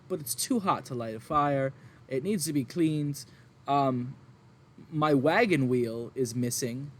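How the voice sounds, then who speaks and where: A man voicing an emotional, flustered middle-aged farm mother who rambles and stammers through her troubles. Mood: overwhelmed. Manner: flustered, tearful rambling with high squeaky jumps. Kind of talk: tabletop role-play character voice.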